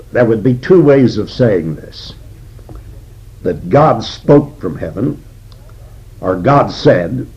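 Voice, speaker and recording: Older male Bible teacher, husky and unhurried, deliberate sermon delivery on a dull lo-fi recording. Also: lowish voice. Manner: slow and deliberate, with frequent "uh" pauses. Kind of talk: expository sermon.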